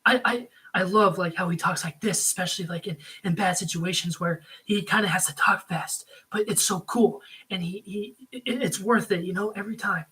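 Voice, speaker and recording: A man's voice: high voice, normal speed, few pauses, pushed and bright, breathy edge, low-quality recording. A man giving a casual spoken review, rambling with frequent ums and likes. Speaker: video reviewer.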